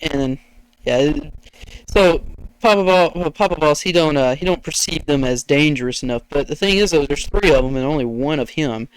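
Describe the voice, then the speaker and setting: A man, telling stories on a casual podcast in a rambling, animated way and acting out customers in high voices. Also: clear, resonant tone, no echo, low-quality recording. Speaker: podcast co-host. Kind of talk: casual storytelling chat.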